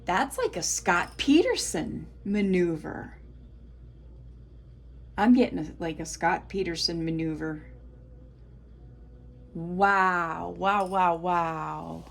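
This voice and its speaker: A woman with a Southern US accent does a solo tarot reading, speaking in a lowish voice at an unhurried, drawn-out pace. She is blunt and swears freely, talking straight to her viewers as Collective. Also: gravelly. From United States. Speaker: tarot reader.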